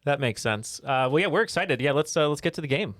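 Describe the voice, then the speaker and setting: A man co-hosting a trivia podcast, friendly and thinking out loud. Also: fairly high pitch, expressive, quick pace, no echo. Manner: friendly, thinks aloud with fillers. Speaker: podcast co-host and player. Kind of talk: casual podcast banter.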